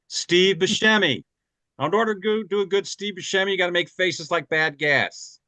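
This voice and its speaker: Bright, high-voiced stand-up comic. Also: male voice, dry recording. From Chicago. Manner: quick setups between impressions. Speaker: stand-up comedian. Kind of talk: stand-up impressions set.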